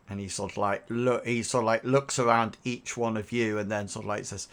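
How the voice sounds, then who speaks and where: A man narrating as game master, in a relaxed way with many fillers. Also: lowish voice, a little fast, hardly any pauses.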